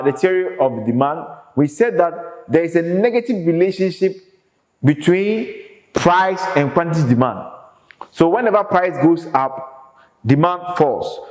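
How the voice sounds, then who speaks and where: A man's voice: fairly high pitch, a little mellow. Guy teaching econ, very emphatic, keeps asking the class stuff, roomy echoey sound. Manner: emphatic, repeats questions to the class. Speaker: economics lecturer. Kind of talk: classroom lecture. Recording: echoey reverberant room.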